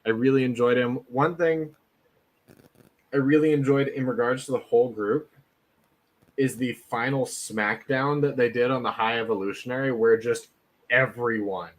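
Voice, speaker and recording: A man's voice: medium pitch, fairly even intonation, moderate pace. A man co-hosting a casual podcast chat, earnest and talking through his points at length. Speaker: podcast co-host.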